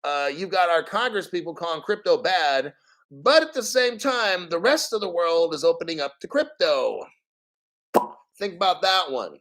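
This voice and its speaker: A man's voice: high-pitched, lively intonation, moderate pace, a bit bright. A man hosting a casual crypto livestream, talking in a profane, emphatic rant full of rhetorical questions. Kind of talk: casual live-stream rant.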